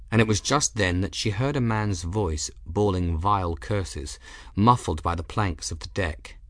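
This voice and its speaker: A man narrating an audiobook in a measured storytelling manner. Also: sits low, dry recording, studio quality. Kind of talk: scripted narration.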